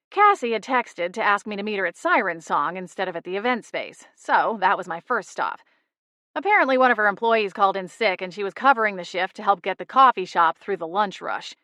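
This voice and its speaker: A woman narrating a first-person cozy mystery audiobook in a wry, lively storytelling manner, on a close studio mic. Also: medium pitch, dry recording.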